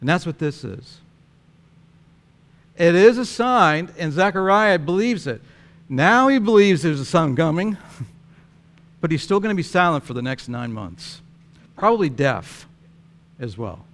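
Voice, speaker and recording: A male pastor delivering a sermon in an animated, storytelling manner, with frequent chuckles. His speaking voice sits somewhat high for a man. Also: measured pace, pauses often.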